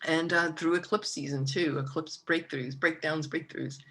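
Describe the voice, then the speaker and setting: A middle-aged woman hosts a casual astrology talk, chatty and rambling, full of fillers and restarts. Her deep voice is fairly even in intonation and fairly bright in tone, at normal speed, over a little hiss or hum. When she speaks of her mother she grows emotional, at times close to tears.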